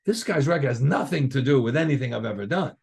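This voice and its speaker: Speaking quickly in a creaky, husky medium-pitched voice, an older drummer appears as a guest in a relaxed interview. His storytelling is lively, and he performs what others said in his anecdotes.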